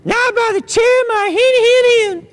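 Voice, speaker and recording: Little pig for a kids' show: high, squeaky, goofy and eager, twang, a man puts it on, reverb of a hall. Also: normal speed. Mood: silly.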